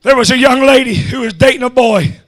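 Brief: man, revival preacher, high bright tense voice, chanted "huh?" after each phrase. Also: brisk. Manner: shouting, punctuating phrases with "huh?" and "amen". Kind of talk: revival sermon. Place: church service.

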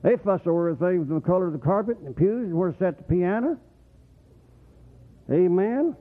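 A man preaching a rambling, folksy sermon, often swooping up into excited whoops. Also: high voice, normal speed. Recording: tinny phone-like radio broadcast.

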